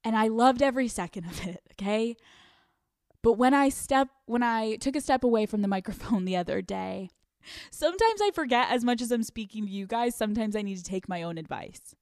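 A young American woman hosting a solo podcast, brash and profane, swinging from loud bursts to hushed asides. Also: fairly high pitch, expressive, brisk, no echo, studio quality. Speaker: podcast host.

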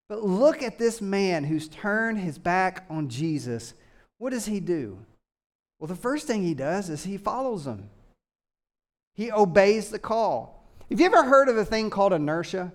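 A pastor giving a conversational sermon, full of rhetorical questions and calls for agreement. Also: male voice, high-pitched, sing-song, measured pace. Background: live congregation.

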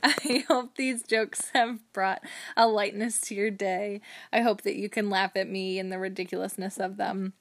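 A woman hosting a mindfulness podcast, talking in a gently encouraging way with the odd um. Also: medium pitch, level tone, normal speed, dry recording. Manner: gently encouraging, with occasional ums. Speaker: podcast host.

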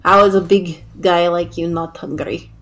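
A woman's voice: on the low side, steady tone, moderate pace, faint music behind. A woman playing in an online tabletop game who agrees easily with the group and teases the others. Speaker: player. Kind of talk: casual tabletop role-play.

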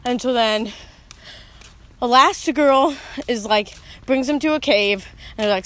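A woman's voice: a little high, measured pace, long pauses, a bit bright. A young woman in casual chat, rambling through a long retelling full of fillers and laughter. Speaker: storyteller.

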